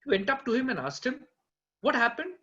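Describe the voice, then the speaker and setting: A man telling a folk tale aloud in an animated way, with playful asides to his listeners. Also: very high-pitched, fast talker. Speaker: storyteller. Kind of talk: oral folk-tale storytelling. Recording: dull lo-fi recording.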